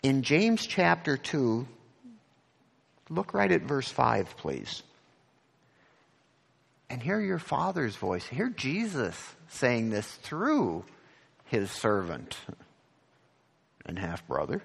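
A man's voice: big pitch swings, takes it slowly, vocal fry, pauses often, slightly rough, in a large hall. A man preaching a sermon as pastor, earnest and repeating his words as he reads from scripture. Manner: earnest, repeats words, rises in pitch on questions.

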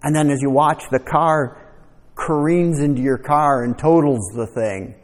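A man preaching a conversational sermon, teaching verse by verse with animated asides. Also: on the high side, a little slow, in a large hall. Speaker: pastor.

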